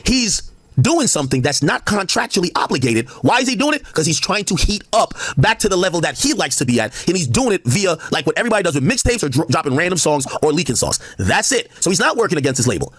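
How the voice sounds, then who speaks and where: Fast, husky man arguing insistently. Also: fairly high pitch, big pitch swings, fairly bright tone, no room sound. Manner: argumentative, explains insistently, talks over others. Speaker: streamer debating with guests. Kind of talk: heated live-stream debate.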